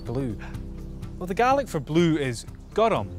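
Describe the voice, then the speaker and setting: A man's voice: fairly high pitch, very animated, a little slow, faint music behind. A man presenting on location in a playful, punning way. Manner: punning, jokey.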